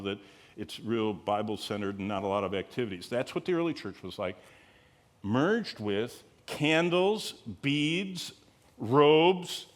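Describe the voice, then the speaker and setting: A man teaching the Bible to a live group in a conversational lecture, digressing often, asking the audience rhetorical questions and pushing key words higher for emphasis.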